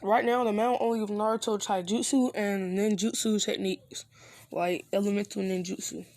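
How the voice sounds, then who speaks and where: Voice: medium pitch, level tone, moderate pace, darkish tone, dry recording. Rambling, casual fan story narrator. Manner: rambling, full of fillers and restarts.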